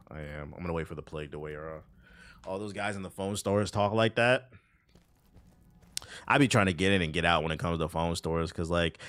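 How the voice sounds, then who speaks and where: A man's voice: lowish voice, no room sound. A man in his thirties, a streamer, telling loose, profane stories in casual chat while he plays. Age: 30s. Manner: loose, profane storytelling with laughs and asides.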